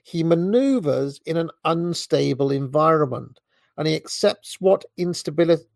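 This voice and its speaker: A British man reading a book aloud in a measured way, now and then stumbling and correcting himself, with short asides of his own. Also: on the high side, creaky, dry recording. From Britain. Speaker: reader.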